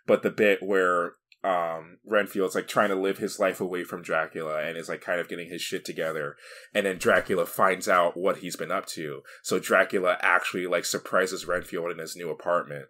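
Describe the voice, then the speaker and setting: A man's voice: low voice, moderate pace. A man co-hosting a casual podcast, retelling movie scenes with frequent laughter. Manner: laughs often, animated retelling. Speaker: podcast co-host. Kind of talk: casual movie review chat.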